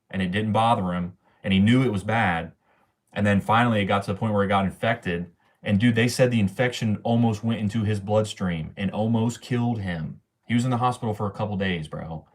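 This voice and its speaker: A young man talks to his livestream chat in a loose, slangy rant full of swearing. His voice sits on the low side, and his talk is offhand and casual. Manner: slangy, ranting, swears often.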